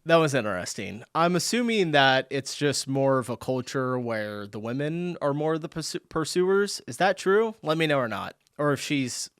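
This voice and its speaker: A man's voice: on the high side, very animated, normal speed, hardly any pauses, a bit bright, smooth, dry recording, clean studio sound. A man hosting a reaction video, chatting casually, laughing often and thinking aloud.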